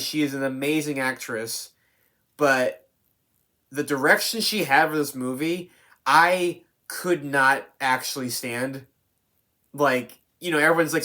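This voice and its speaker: In an unscripted, casual review, a film critic with a medium-pitched voice sounds pushed and bright. The talk rambles, full of filler words and false starts, with free swearing throughout.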